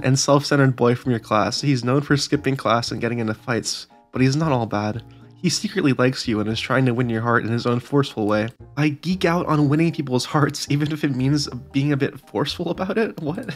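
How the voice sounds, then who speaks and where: Giggly young man reading chatbot lines. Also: medium pitch. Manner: laughs constantly, swears, mock-reads lines slowly. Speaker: YouTuber. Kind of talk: casual commentary while reading chatbot replies aloud.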